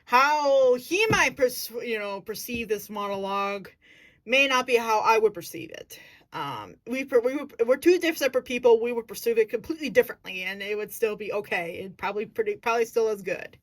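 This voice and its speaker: A woman's voice: fairly high pitch, expressive, a little fast. A woman giving a casual acting lesson, earnest and thinking aloud as she restarts her sentences. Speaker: acting vlogger.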